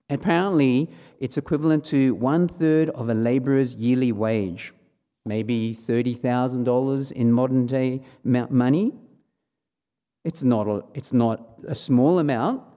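A man's voice: medium pitch, warm tone. A man preaching a sermon, reading scripture aloud and acting out the quoted lines in a raised voice. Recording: long hall reverb.

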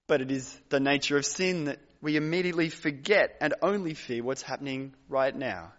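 A man preaching a sermon as pastor, emphatic, with dramatic pauses and repeated phrases, in a large hall. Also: a little high, a bit bright. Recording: dull recording with long hall reverb.

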